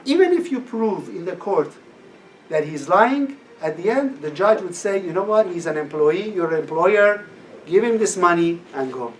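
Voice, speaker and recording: A man tells a lively personal story to a class, acting out every quoted line. His pitch swings widely as he talks. He was recorded from a distance, with faint noise in the room. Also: moderate pace. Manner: animated, acts out quoted dialogue, laughs at his own story.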